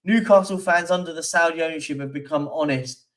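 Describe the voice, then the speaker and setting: A brisk man with a slightly high voice, recorded from a distance, runs a casual live stream. He rambles and chats over football stats and viewer comments, with plenty of fillers along the way.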